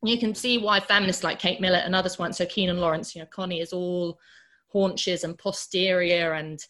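Chatty woman lecturing with lively readings. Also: on the low side, brisk. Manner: animated, quotes passages with rising force, many fillers. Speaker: literature lecturer. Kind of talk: informal literature lecture with read-aloud quotes.

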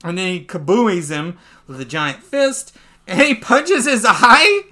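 A man hosting a podcast, recapping a comic in casual chat. He talks in a loose, chatty way, laughs easily and jumps into squeaky voices when he acts out scenes. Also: a little slow. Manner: animated, jumps into high squeaky voices when acting out lines. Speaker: podcast host.

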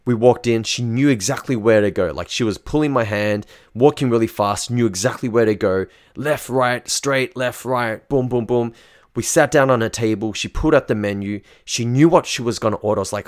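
A man's voice: mid-range voice, moderate pace. A young man telling a personal story in a loose, chatty, profane way. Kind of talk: casual storytelling.

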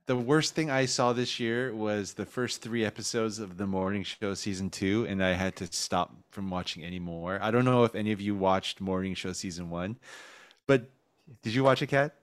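A man co-hosting a casual film review podcast, chatty and animated, often repeating words as he talks. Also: fairly low pitch, normal speed, clean tone. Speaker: podcast co-host.

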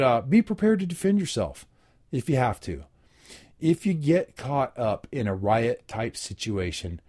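A host with a low, dark voice reads aloud from an article for a spoken commentary, breaking off now and then for dry, wry asides of his own. His manner is plain and unhurried, with frequent filler ums and uhs.

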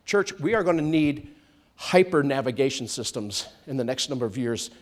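A man preaching a sermon to a church congregation, animated, swinging from loud comic outbursts to soft hushed storytelling. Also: medium pitch, moderate pace.

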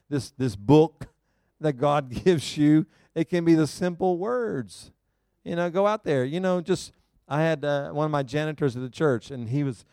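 A male pastor preaching a sermon to a congregation, telling a personal story in an animated, self-mocking way and laughing often. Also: fairly high pitch, smooth, no echo, studio quality. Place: church service before a live congregation.

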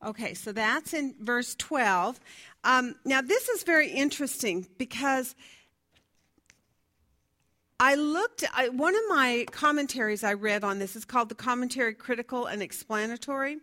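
A woman's voice: fairly high pitch, animated, normal speed, bright, forceful tone. A woman teaching a Bible study class in a conversational way, asking her listeners questions and reading from her notes. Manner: fumbles with notes, laughs at herself.

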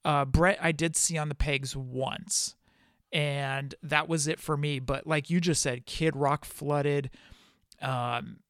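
A man's voice: on the high side, steady tone, slow pace, a bit bright, clear, resonant tone, no echo, clean studio sound. A man hosting a podcast, chatty and asking questions, laughing often. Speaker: podcast host. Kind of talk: casual chat.

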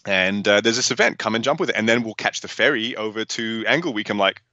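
Bright, sweary Australian man. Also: lowish voice, fast talker, no room sound, dull audio. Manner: rambling, sweary, animated storytelling. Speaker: guest. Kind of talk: casual podcast interview.

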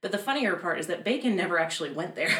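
Low-voiced sarcastic woman telling history. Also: expressive, quick pace, a bit bright. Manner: chatty, sarcastic asides, laughs often. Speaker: podcast co-host telling history. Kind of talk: casual chat. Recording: echoey room.

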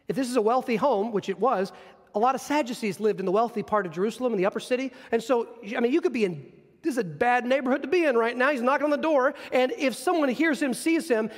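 A man preaching a sermon, teaching from scripture in an animated storytelling manner. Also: very high voice, big-room sound. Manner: animated, storytelling, acts out scenes.

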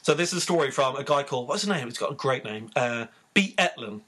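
A man co-hosting a podcast, telling funny news stories in a casual, animated way, laughing as he goes. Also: mid-range voice, quick pace, breathy edge. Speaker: podcast co-host. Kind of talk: casual storytelling chat.

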